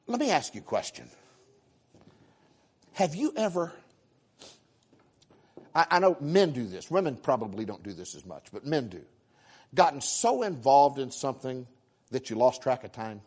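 A man preaching a sermon, telling stories with animated acted-out exclamations and quick repeated starts. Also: medium pitch, breathy edge. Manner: animated, acts out voices and exclamations, frequent repeated words. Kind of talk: sermon storytelling.

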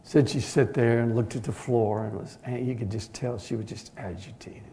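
A man preaching a sermon, earnest and direct, swinging between loud and quiet as he tells a story. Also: mid-range voice, fairly even intonation, normal speed.

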